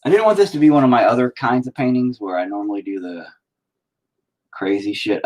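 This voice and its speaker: A man with a medium-pitched, brisk, slightly mellow voice streams himself painting. He rambles and swears nonstop as he works, offering casual, self-critical commentary to himself.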